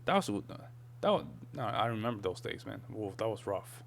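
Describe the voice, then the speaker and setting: A man's voice: on the low side, very animated, normal speed, creaky, slight background noise. A man whose first language is Spanish, chatting casually as he reacts to a video and often says "man". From Spanish-speaking country. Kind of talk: casual commentary.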